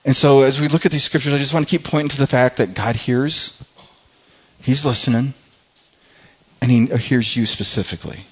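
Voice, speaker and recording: A man's voice: mid-range voice, normal speed, long pauses, breathy edge, highs cut off. A man preaching a sermon in an earnest, conversational way, often restarting his phrases. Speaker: pastor.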